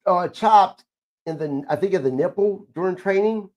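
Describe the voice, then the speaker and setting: A man's voice: sits high, normal speed, darkish tone. A man hosting a wrestling podcast, asking questions hesitantly with many "um"s. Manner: hesitant, many "um"s and filler words. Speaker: podcast host. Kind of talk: interview questions.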